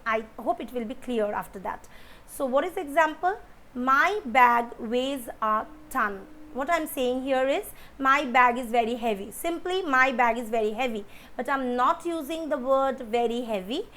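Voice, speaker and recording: Female teacher, high-pitched, patient and repetitive, says "okay" often. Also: fairly bright tone. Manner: patient, repeats points, frequent "okay". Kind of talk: explanatory video lesson.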